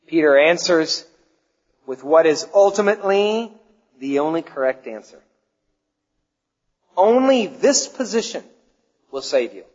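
A man with a slightly high voice preaches a sermon, pressing his points hard and then dropping to slow, hushed questions. The recording sounds dull and muffled, with a long echo from the hall. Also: very animated. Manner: emphatic preaching, swinging between loud declarations and hushed, slow questions. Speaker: pastor.

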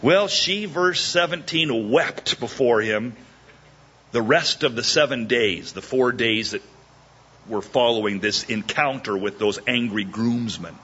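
A man preaching verse by verse, joking and acting out the characters' lines in a lively way. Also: medium pitch, unhurried, slightly rough, highs cut off. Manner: animated, jokey, acts out the characters' lines. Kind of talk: verse-by-verse sermon.

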